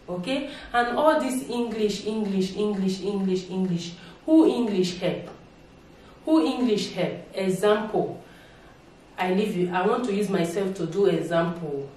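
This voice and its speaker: A woman's voice: on the low side, a little mellow, distant mic, slight background noise. A woman with a Nigerian accent talking casually to camera, making her points emphatically, repeating herself and tagging lines with a rising "okay?". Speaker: vlogger. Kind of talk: casual reaction vlog talk. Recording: very echoey room, voice away from mic.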